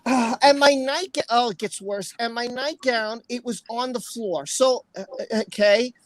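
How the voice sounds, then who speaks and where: A woman's voice: on the high side, moderate pace, no room sound. A woman hosting a casual livestream, reading aloud, exclaiming often and breaking into laughter. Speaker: livestream host.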